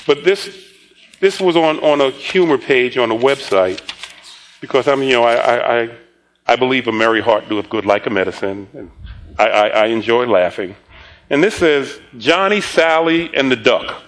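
A man's voice: mid-range voice, moderate pace, rough recording. A middle-aged man preaching a sermon, telling a story and often laughing as he talks, with repeated words and restarts. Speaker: pastor.

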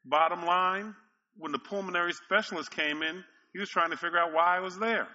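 A man's voice: high-pitched, brisk, bright, forceful tone, dull audio. A male pastor preaching a sermon, telling stories with emphatic repetition and frequent chuckles. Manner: storytelling, emphatic, chuckles often.

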